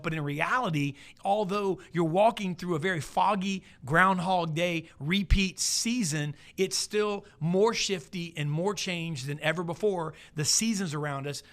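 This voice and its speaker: A man's voice: sits high, fairly bright tone. Folksy motivational speaker, man in his forties. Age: 40s. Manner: folksy, repeats key lines slowly for emphasis. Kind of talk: motivational talk.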